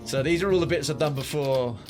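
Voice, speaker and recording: A man's voice: a little high, fairly quick, darkish tone, soft background music. Chatty, joking male game streamer. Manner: chatty, swears, jokey, talks to himself while playing. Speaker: let's play streamer. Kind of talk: casual gameplay commentary.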